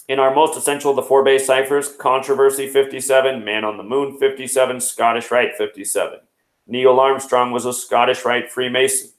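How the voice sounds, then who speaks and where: A man in his thirties hosting a numerology news show, explaining numbers quickly and at length. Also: medium pitch, echoey room, rough recording. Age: 30s. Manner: rapid, number-heavy explaining. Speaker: host.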